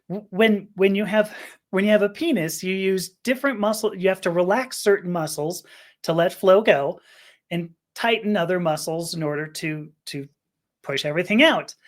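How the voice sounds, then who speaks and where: A woman guest on a podcast, telling a personal story candidly, often stammering, laughing and restarting her sentences. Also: lowish voice.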